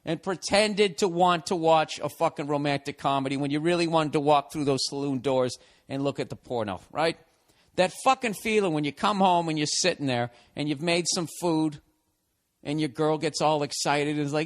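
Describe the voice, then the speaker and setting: A man's voice: on the high side, normal speed. A man, a podcast host, reading out a listener email and answering it with rambling, profane sarcasm.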